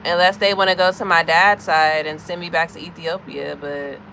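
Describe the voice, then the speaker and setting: A woman in her thirties with a bright, forward American voice, chatting with her livestream audience and calling out viewers by name. Her tone is easygoing and talkative. Faint city traffic hums behind her, as if she is outside near a car. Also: lowish voice, fairly even intonation, moderate pace. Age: 30s. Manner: chatty, greets viewers by name, drifts between comments. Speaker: livestream host. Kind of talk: casual live chat with viewers.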